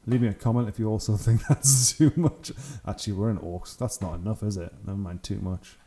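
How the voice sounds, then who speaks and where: Chatty man with a very dark voice. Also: fairly low pitch, brisk. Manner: chatty, enthusiastic, laughs often. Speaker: channel host. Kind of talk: casual commentary on hobby photos.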